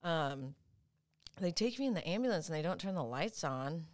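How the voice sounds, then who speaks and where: A woman guest speaks in a loose, casual storytelling voice. She is animated and leans on fillers, and laughter slips in often. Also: deep voice, moderate pace. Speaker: podcast guest.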